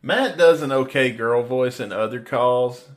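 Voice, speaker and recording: A man's voice: mid-range voice, a little slow. A man hosting a podcast, commenting casually on a played prank call, laughing often and swearing freely. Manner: animated, laughing, profane storytelling. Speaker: podcast host.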